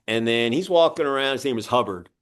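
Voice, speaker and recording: A man hosting an interview, chatting casually and telling animated stories. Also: mid-range voice, fast talker. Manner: animated storyteller, acts out other people's voices. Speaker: podcast host and publisher.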